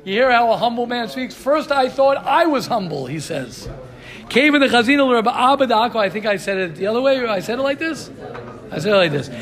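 A man teaching a Talmud class who reads Hebrew lines aloud and then translates them, pausing to reassure his students. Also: very high voice, animated, a bit bright. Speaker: Torah teacher.

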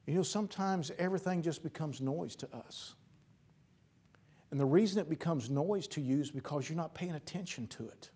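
A man preaching a sermon in plain folksy speech, repeating words for emphasis and swinging from loud bursts to low, soft phrases. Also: moderate pace, slightly rough.

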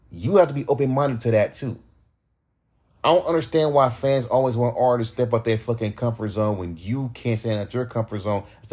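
A man's voice: medium pitch, slightly rough. A man in his thirties, a rapper hosting his own podcast, ranting in casual, heated, profane talk.

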